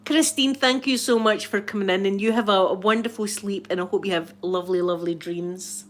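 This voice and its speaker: A Scottish woman with a thick accent chats casually on a live stream. She is middle-aged and talkative, breaking into laughs and playful impressions. Her pitch sits at an ordinary middle height for a woman. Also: brisk. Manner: chatty, laughs often, mimics voices. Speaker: ASMR livestream host.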